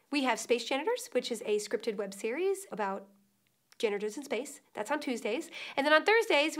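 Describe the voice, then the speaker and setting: A young woman hosting a web show in a quirky, playful scripted vlog style with jokey asides. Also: high-pitched.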